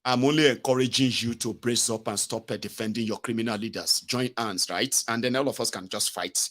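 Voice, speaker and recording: A middle-aged Nigerian man hosting a live-stream political show, talking at a medium pitch. He is animated and sarcastic, with plenty of rhetorical questions. He mixes Nigerian Pidgin turns into his English. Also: brisk. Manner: animated, sarcastic, drops into mock voices. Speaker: host.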